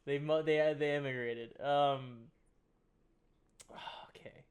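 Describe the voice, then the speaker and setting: A man's voice: a little high, steady tone, slow, clear, resonant tone. A young man co-hosting a music podcast, chatting casually with sarcastic jokes and swearing. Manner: joking, sarcastic, swears freely. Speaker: podcast co-host. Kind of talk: casual chat.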